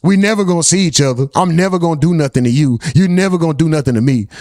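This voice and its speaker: A man's voice: a little high, rapid-fire, a little mellow, no room sound, studio quality. A man hosting a live stream, chatting loosely with plenty of profanity and greeting viewers in the chat by name. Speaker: livestream host.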